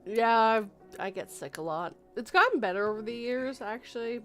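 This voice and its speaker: A woman's voice: fairly high pitch, expressive, normal speed, faint music behind. A woman hosting a casual live stream podcast, chatting with guests, teasing and laughing often. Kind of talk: casual chat.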